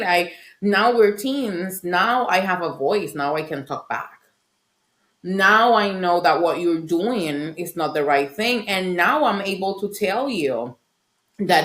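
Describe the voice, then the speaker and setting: A middle-aged woman working as a parent coach shares her own story in a reflective, earnest way. She often tags her points with a quick "right?". Her voice sits a little low, and the sound carries a noticeable room echo. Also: lively intonation, a bit bright. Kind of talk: personal storytelling in a conversation. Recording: roomy echo.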